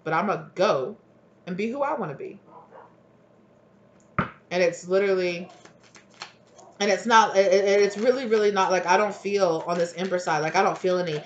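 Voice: mid-range voice, a little fast, long pauses, lo-fi sound, a little hiss or hum. A tarot reader giving a solo reading to camera, rambling with many fillers and restarts and acting out both sides of imagined arguments. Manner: rambling, acts out dialogue of both partners.

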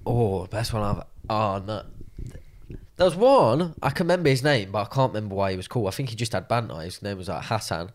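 A young man, co-hosting a podcast in casual chat, relaxed and quick to laugh. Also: fairly low pitch. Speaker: podcast co-host.

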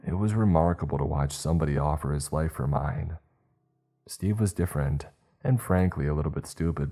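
A man's voice: a bass voice, dark tone, husky. A man narrating a scripted horror story with dry, wry humour.

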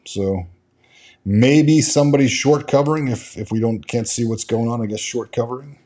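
A man hosts a casual stock market livestream and talks off the cuff. His sentences stall and restart, thick with fillers, as he reads viewer comments aloud and answers them. His voice sits at an ordinary middle pitch. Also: normal speed, mellow. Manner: rambling, with frequent restarts and fillers. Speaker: stock market show host.

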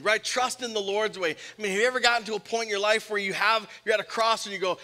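A man preaching a sermon as pastor, swinging from loud emphasis to soft storytelling. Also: high-pitched, fairly even intonation, quick pace, few pauses. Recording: live sermon with long hall reverb.

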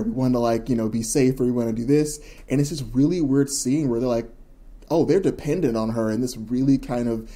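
Mellow-voiced man chatting loosely. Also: medium pitch. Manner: rambling, filler-heavy, enthusiastic. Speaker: podcast co-host. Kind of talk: casual chat.

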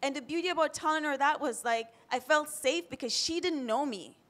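Woman from Jamaica in her thirties, higher voice, candid and emotional, for a personal panel story. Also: brisk, a bit bright. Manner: candid, emotional, close to tears at times.

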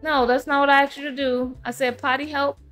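A woman hosting a casual let's-play, chatting to her game characters and viewers, her throat rough from allergies. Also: high-pitched, level tone, fairly quick, fairly bright tone, faint music behind. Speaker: gaming channel host.

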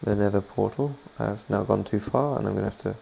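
Gravelly man narrating his gameplay. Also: on the low side, brisk, dark tone, a little hiss or hum. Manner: rambling, chatty, asks viewers to comment. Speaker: gaming channel host. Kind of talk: let's play commentary.

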